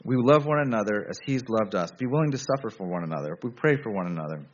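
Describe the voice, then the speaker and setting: A man preaching a sermon to a congregation in a relaxed, conversational way, often restarting his sentences. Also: fairly low pitch, quick pace, dull audio. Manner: conversational, self-correcting, with frequent restarts.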